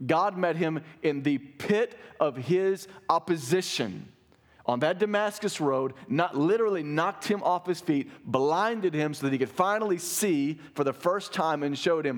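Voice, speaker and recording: A man's voice: fairly high pitch, animated, normal speed. Guy preaching in church, earnest and chatty, keeps asking the room "right?". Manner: earnest, conversational, asks listeners "right?". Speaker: pastor. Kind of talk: conversational sermon.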